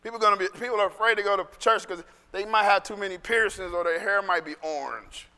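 A male pastor preaching a sermon in an animated, conversational way that swings into shouting. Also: sits high, quick pace, clear, resonant tone, big-room sound.

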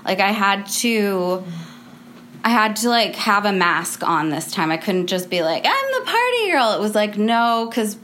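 A woman's voice: mid-range voice, a little slow, a bit bright. A young woman tells her own story in a loose, casual way. Her talk is rambling and packed with "like" fillers, with laughs slipping in between phrases. A faint hiss of background noise sits under the voice.

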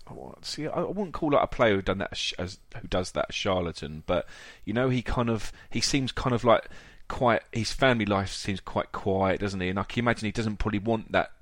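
Lower-voiced West Country man, dry close sound, podcast co-host, hesitant and agreeable. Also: lively intonation, brisk, few pauses, a bit bright, no echo. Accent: West Country English. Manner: hesitant, restarts often, agreeable. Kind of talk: casual podcast chat.

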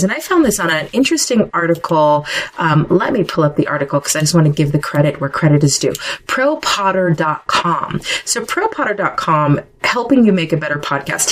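A middle-aged woman with a deep voice hosts a solo podcast on a rough recording. Conversational and chatty, she often drifts into asides before returning to her point.

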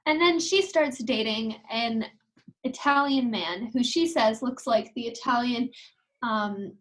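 A woman's voice: a little high, measured pace, slight background noise, poor audio. A teenage girl co-hosting a casual podcast, chatty and playful. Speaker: podcast co-host. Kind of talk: casual chat.

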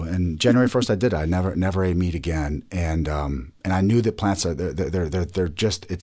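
A man's voice: sits low, moderate pace, a little mellow. A man answering interview questions about his restaurant chain, rambling with lots of restarts and repeated words.

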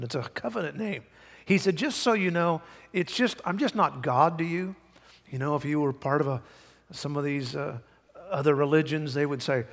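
Male pastor, higher-pitched voice, folksy emphatic sermon delivery, church hall reverb. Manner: folksy, emphatic preaching with many asides. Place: church sanctuary.

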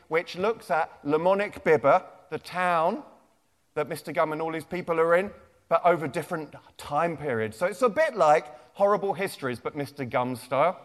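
A children's author gives a live comic talk to a young crowd, speaking in a jokey, chatty way. His voice is high and a bit bright, ringing out with a long reverb in a big lecture theatre.

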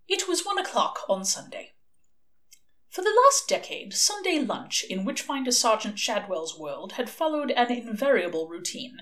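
A woman narrating a novel aloud in an expressive, lilting storytelling manner. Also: on the high side, normal speed. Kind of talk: audiobook reading.

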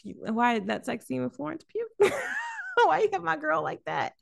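Laughing, animated woman podcast host. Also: sits high, moderate pace, creaky. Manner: animated, laughs often, swears casually. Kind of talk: casual film review chat.

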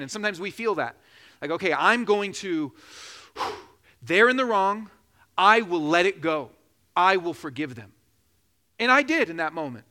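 A man in his thirties preaching a sermon, telling a joking personal story, then building to loud, slow emphasis. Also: high-pitched. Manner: preaching with rising emphasis, slowing for key phrases; jokes and laughs during a personal story. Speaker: pastor.

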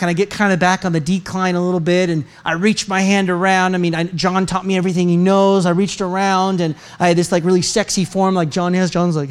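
High-voiced chatty man preaching. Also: flat delivery, a little fast, few pauses, clear, resonant tone. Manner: casual, chatty, self-mocking humor. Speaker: pastor. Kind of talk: sermon with announcements and a personal story. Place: church sanctuary.

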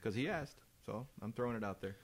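A man's voice: medium pitch, quick pace. A man co-hosting a podcast, cracking jokes and reading out a listener question. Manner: wisecracking, reads out listener questions. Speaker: podcast co-host. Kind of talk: casual chat.

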